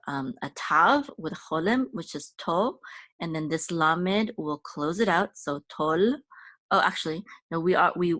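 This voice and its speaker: A woman with a notably low voice teaches a casual reading lesson, going slowly and repeating each syllable. She talks with frequent fillers and corrects herself as she goes. The recording is dry, with no room sound. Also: fairly bright tone, no echo. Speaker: Hebrew teacher.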